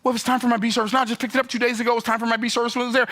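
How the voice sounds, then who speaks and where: A man telling an animated, exasperated story in an emphatic, sarcastic vlog rant. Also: very high voice, rapid-fire, few pauses. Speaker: business vlogger.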